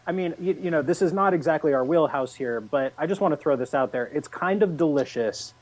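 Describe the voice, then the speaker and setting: A man's voice: fairly high pitch, fairly quick, darkish tone, low-quality recording. A man co-hosting a podcast in casual chat, blunt and frank, swearing offhandedly. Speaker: podcast co-host.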